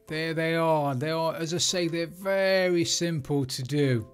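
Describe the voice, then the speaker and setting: A man's voice: a little high, fairly even intonation, a little slow, clean tone, soft background music. Chatty Englishman narrating his game build. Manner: chatty, thinks aloud while building. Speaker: Minecraft let's play creator. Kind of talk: casual gameplay commentary.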